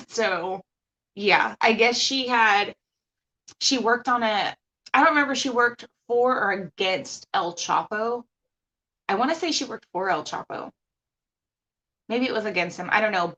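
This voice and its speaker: A woman's voice: medium pitch, a bit bright. Casting: woman livestream host, blunt and profane, rambling rants into a laptop mic. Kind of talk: casual ranting livestream.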